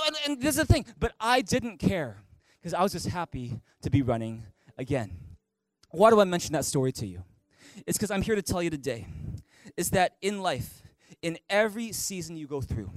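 A middle-aged man preaching a sermon as pastor, telling stories with playful humor and quick repetitions. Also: sits high, no echo. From Canada. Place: large church hall.

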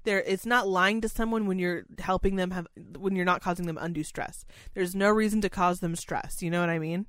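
A woman's voice: on the low side, fairly even intonation, brisk, hardly any pauses, dry recording. A young woman who works in memory care, chatting casually and candidly on a podcast, rambling and swearing freely.

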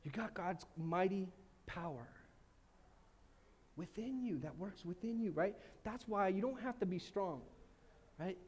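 A middle-aged male pastor preaching a lively, casual sermon with sudden shouted exclamations. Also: sits high, a little slow, long pauses, breathy edge. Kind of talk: energetic sermon.

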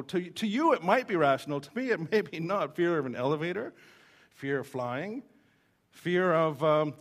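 Man, pastor, preaching; teasing storyteller with a fairly high voice, lots of "uh"s. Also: a bit bright. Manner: joking, storytelling, many fillers. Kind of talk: sermon.

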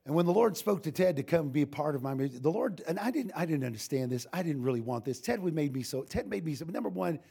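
A man's voice: a little high, expressive, fast talker, gravelly, hardly any pauses, mellow, slightly rough. An older man, a pastor, giving an informal sermon full of humorous stories, folksy and joking, with frequent restarts.

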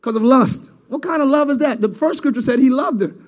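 A male preacher giving an animated sermon in casual slang, often breaking into shouts. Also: extremely high pitch, brisk.

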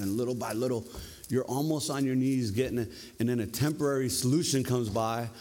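A male preacher giving a lively, conversational sermon, often tagging his points with questions. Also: mid-range voice, brisk. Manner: conversational, animated, tag questions. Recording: long reverb of a hall.

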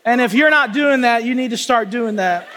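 A man preaching a testimony sermon in a church, talking with passion and folksy asides, and shouting at the peaks. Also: very high-pitched, moderate pace, big-room sound. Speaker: pastor. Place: church sanctuary with congregation.

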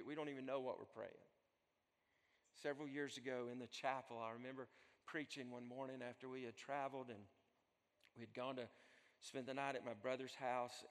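A male pastor preaching a sermon, swinging from loud pleading to soft, hushed storytelling. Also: mid-range voice. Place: church sanctuary. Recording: long hall reverb.

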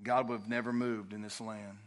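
A man preaching a sermon in a church, reading scripture aloud and swinging between loud emphasis and quiet, drawn-out lines. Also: lowish voice, level tone. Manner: preaching with rising and falling intensity. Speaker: pastor.

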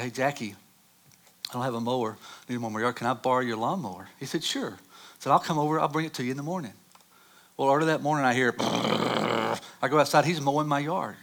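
A man preaching a sermon, reading scripture and telling animated personal stories that rise loud at dramatic moments. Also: medium pitch. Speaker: pastor.

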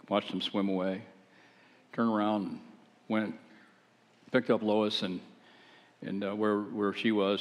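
A man preaching, telling his own testimony in a folksy, animated, conversational way with self-deprecating humor. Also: on the low side. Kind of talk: folksy storytelling sermon. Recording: long hall reverb.

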